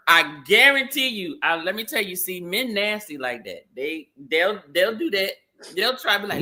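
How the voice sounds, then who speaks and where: A woman co-hosting a casual live talk show, animated and emphatic, who repeats phrases for effect and laughs often. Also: medium pitch, normal speed. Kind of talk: casual livestream chat.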